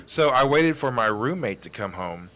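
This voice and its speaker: A middle-aged man hosting a late-night comedy talk show, telling stories in a lively way and laughing through them. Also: medium pitch, moderate pace. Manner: animated storyteller who laughs through his own tales. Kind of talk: casual chat.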